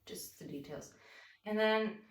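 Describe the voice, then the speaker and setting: A woman's voice: medium pitch, a little slow. Chatty woman, roomy distant sound. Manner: chatty and rambling, animated when acting out the story. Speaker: fitness instructor. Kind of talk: casual storytelling while guiding a morning stretch.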